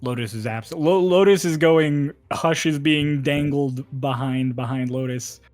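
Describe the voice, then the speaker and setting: A man's voice: a little high, a little slow, a little mellow, no room sound, faint music behind. A man narrating a tabletop game as game master, laid-back and casual, swearing now and then.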